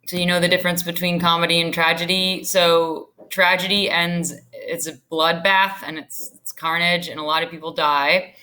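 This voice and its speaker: Chatty woman teacher, bright voice. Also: fairly low pitch. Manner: chatty, checks in with "right?". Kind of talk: recorded class lecture.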